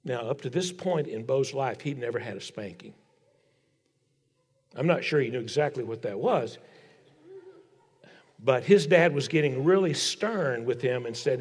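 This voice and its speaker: An older man preaching a sermon in a large church. He tells family stories in a folksy way and drops to a hush for emphasis. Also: medium pitch, lively intonation, a little slow, pauses often, husky. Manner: folksy storytelling, dropping to a hushed tone for emphasis. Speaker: pastor. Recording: long reverb of a large hall.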